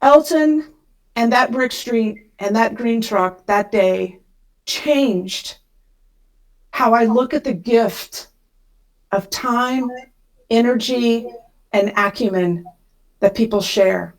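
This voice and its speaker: Woman telling a personal story, slightly high. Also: slow, pauses often, poor audio. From Kansas. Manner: emotional, speeds up when retelling panic. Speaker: podcast guest.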